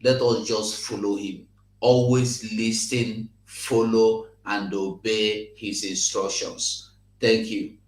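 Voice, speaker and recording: A man's voice: on the low side, slow. A man, a veteran activist, giving formal closing remarks steadily. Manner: steady, declaring slogans. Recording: roomy echo.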